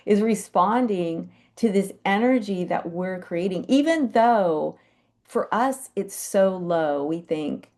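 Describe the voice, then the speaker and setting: A woman telling animal stories in a chatty, animated way on a live video call. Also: medium pitch, unhurried. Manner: chatty, animated, with lively quoted asides. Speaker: animal Reiki practitioner sharing stories. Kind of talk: casual storytelling on a live call.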